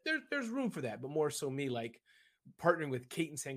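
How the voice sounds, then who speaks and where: A man guest on a video-call interview, talking about business in a rambling, animated way and often addressing the host by name. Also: fairly high pitch, a little fast. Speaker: podcast guest, entrepreneur. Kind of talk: casual interview chat.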